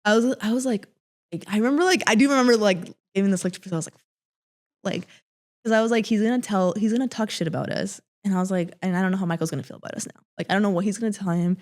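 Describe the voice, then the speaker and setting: A young woman sharing a painful personal story, halting with many fillers and restarts, often dropping to a quiet voice. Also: mid-range voice. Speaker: guest.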